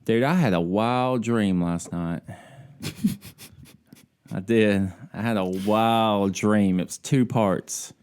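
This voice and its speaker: A relaxed American man, calling in by video from his home in Alaska, co-hosts a casual podcast over drinks. His fairly low voice is smooth and a little mellow, slow with long pauses, and he jokes while often drifting off with "I don't know."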